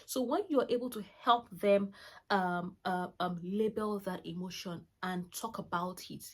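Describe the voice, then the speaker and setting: A woman's voice: mid-range voice, unhurried. A woman around forty hosting her own channel, sharing parenting advice in a chatty, rambling way full of fillers and restarts. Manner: warm-hearted, chatty, lots of fillers and restarts. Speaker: channel host, mother. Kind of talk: casual parenting talk to camera.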